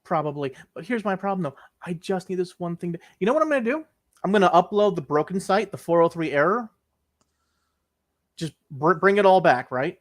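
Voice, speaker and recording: A young man with a slightly higher-than-usual voice rants through a casual podcast chat. He swears freely and acts out his frustrating calls to tech support. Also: expressive, brisk. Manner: exasperated ranting, swearing, acting out phone calls. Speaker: podcast co-host.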